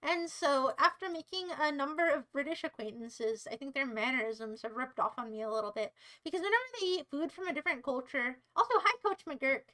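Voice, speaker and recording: A woman's voice: high-pitched, a little fast, hardly any pauses, bright, forceful tone, rough recording. A young American woman streaming live, chatting with her viewers in a playful, teasing, rambling way. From United States. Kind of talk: casual livestream chat to viewers.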